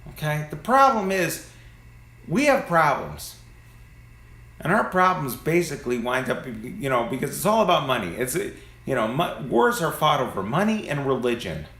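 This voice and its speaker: A man's voice: mid-range voice, very animated, moderate pace, a bit bright. Angry, swearing man ranting into a phone. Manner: angry, profane, preachy. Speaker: vlogger. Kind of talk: ranting monologue. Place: among parked cars. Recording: roomy phone recording.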